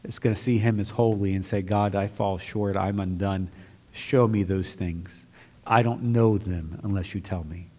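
A man preaching a sermon as pastor to his church, moving from quiet, reflective talk to loud, fervent outbursts. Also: fairly low pitch, steady tone, moderate pace, big-room sound.

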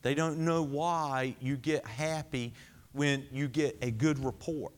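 A man preaching a sermon, asking the congregation questions and answering them himself, swinging between high emphatic lines and low quiet ones. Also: fairly even intonation, slow. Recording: long hall reverb.

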